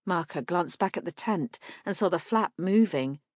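A woman reading a fantasy novel aloud in steady, measured scripted narration. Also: lowish voice, no room sound, clean studio sound. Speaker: audiobook narrator.

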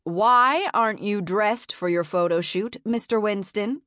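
A woman's voice: medium pitch, unhurried, a bit bright, no room sound, studio quality, pitched above the performer's own voice, natural voice. A woman voicing a domineering female talent manager with a harsh, nasal, authoritative voice, as in a read-aloud novel. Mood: cold, commanding. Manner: curt, authoritative.

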